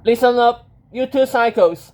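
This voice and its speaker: Reader voicing an angry man, yelling at the neighbors, mellow tone, slow, dull lo-fi sound. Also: mid-range voice, natural voice. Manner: shouting, raised voice.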